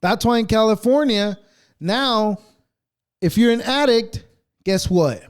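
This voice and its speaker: A man hosts a podcast, his high-pitched voice slow and clean in tone. As he reacts to clips, he rants casually and animatedly, with plenty of swearing and sarcasm.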